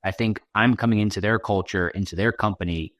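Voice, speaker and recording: A man's voice: on the low side, steady tone, fairly quick, no echo. A man from Washington D.C. talking through his thoughts in a podcast interview, often checking in with "right?". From Washington D.C., United States. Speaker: guest content creator.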